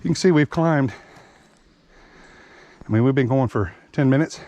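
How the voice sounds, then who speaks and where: A hiking vlogger with a medium-pitched, dark-toned voice talks at normal speed while walking a wooded park trail outdoors. He's chatty and out of breath, casually narrating and explaining his gear in plain terms.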